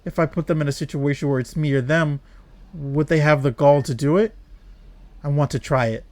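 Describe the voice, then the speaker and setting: A man reading game dialogue aloud as a despairing young woman trapped in an endless world, in a flat, quiet, brooding way. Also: a little high, a little fast, no echo, natural voice.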